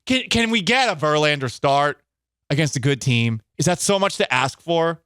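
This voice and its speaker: A man hosting a sports talk show, bantering in an animated, sarcastic and emphatic way into a studio microphone. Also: on the high side, moderate pace, smooth, dry recording.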